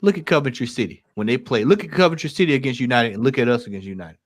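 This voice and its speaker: A man's voice: medium pitch, expressive, rapid-fire. A man on a football fan call-in show, talking earnestly and emphatically and repeating phrases to drive his points home. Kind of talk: casual football chat.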